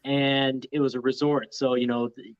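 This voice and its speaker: A man's voice: medium pitch, level tone, normal speed, no echo, highs cut off. A man telling funny stories as a guest in a casual chat. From Canada. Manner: jokey storyteller, dry humor.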